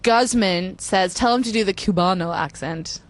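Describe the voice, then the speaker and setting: A woman's voice: mid-range voice, moderate pace. A woman co-hosting a casual talk show who asks playful questions of her guest. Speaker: co-host.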